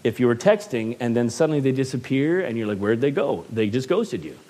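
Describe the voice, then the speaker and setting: A man preaching a sermon in church, animated and often asking for an "Amen". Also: medium pitch, brisk.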